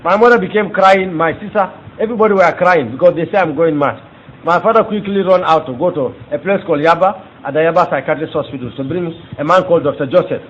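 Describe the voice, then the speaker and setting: A man delivers a rapid, fervent testimony, his voice pitched high and climbing as he presses his point. The recording is dull and lo-fi, with faint ambient noise underneath. His delivery is emphatic and preacherly throughout. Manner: fervent, emphatic, rises in pitch when excited. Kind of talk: testimony sermon.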